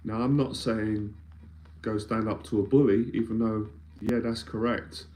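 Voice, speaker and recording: Earnest man, low mellow voice. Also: fairly even intonation, measured pace, a little hiss or hum. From London, England. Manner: earnest and emphatic, repeating phrases as he builds a point. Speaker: anxiety mentor. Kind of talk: live-streamed talk with viewer questions.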